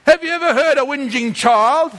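A man preaching a sermon, animated, acting out voices as he tells the story. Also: extremely high pitch, normal speed, in a large hall. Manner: animated, acts out quoted voices like a whining child. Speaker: pastor.

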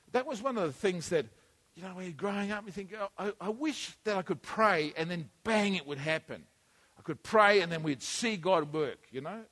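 A man with a high-pitched voice preaches to a congregation, speaking in a loose, conversational way. His voice rings out in a hall with a long, lingering reverb. He drops into quiet asides, then rises into emphatic bursts. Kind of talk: sermon. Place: church hall.

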